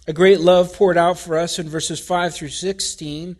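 A man preaching a sermon from the pulpit, deliberate and emphatic, repeating key phrases for weight. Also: high-pitched, fairly even intonation. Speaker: pastor.

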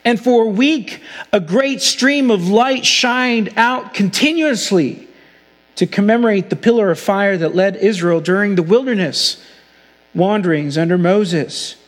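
A man preaching a sermon as pastor, earnest and slowing down to stress key phrases. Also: high voice, long reverb tail. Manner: earnest preaching, slows for emphasis.

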